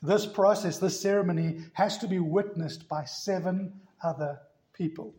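A man's voice: high voice, moderate pace, a little mellow. A man preaching a sermon as pastor, telling stories with emphatic, rising delivery. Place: church.

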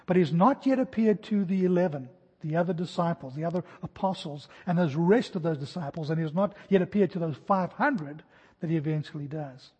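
A man in his forties preaching an expository sermon, animated, acting out the jumps and shouts of his stories. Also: fairly high pitch, a little fast, husky, big-room sound. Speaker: pastor.

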